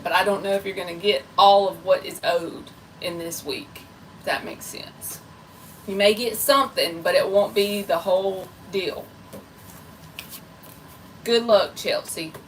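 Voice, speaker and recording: A woman's voice: medium pitch, far from the mic, a little hiss or hum, rough recording. Woman tarot reader for a live reading, goofy and chatty, set back from the mic. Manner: chatty and playful, self-described goofy.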